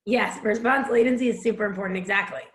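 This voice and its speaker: A woman's voice: mid-range voice, fast, echoey room. A woman instructor giving frank, casual advice in a conversational teaching chat.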